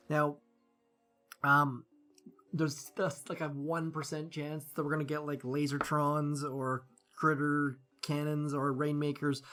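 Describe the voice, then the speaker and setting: A man's voice: a little high, bright, forceful tone. A man giving casual live-stream commentary on a game, chatty and rambling, greeting viewers by name and thinking aloud with lots of fillers.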